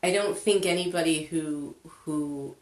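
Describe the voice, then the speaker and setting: A woman leading a live money-clearing session, chatty and casual, greeting viewers as she goes. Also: low-pitched. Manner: chatty, slow, greets viewers, laughs often. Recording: echoey room.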